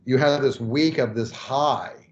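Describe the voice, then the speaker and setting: Man, podcast host, rambling casual talk, mid-pitched voice, dull lo-fi recording. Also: slow. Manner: rambling, conversational with fillers. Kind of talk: casual interview. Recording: dull lo-fi audio.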